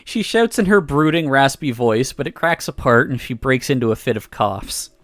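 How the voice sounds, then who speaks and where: A man reads a visual novel aloud on a stream, narrating with feeling and tossing in laughing side comments. His voice sits at an ordinary pitch and sounds close and dry. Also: normal speed, dry recording. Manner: expressive reading broken by laughs and asides.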